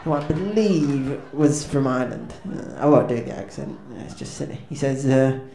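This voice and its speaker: Warm and gravelly, his mid-range voice moves at a moderate pace with lively intonation. He's a band's comedic frontman doing rambling stand-up patter, awkward, self-deprecating and hesitant with many ums and restarts, recorded in an echoey room with faint ambience.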